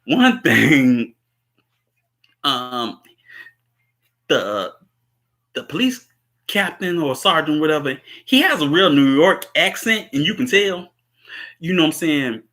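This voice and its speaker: Bright-voiced rambling man. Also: fairly high pitch, expressive, takes it slowly, long pauses. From Chicago. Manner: rambling, laughs often, many fillers. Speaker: host. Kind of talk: casual movie recap.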